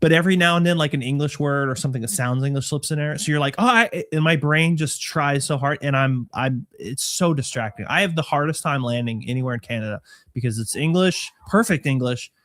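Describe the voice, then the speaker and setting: A man co-hosting a casual pilot chat show, rambling excitedly through complaints with lots of restarts. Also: medium pitch, a little fast. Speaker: co-host, airline pilot.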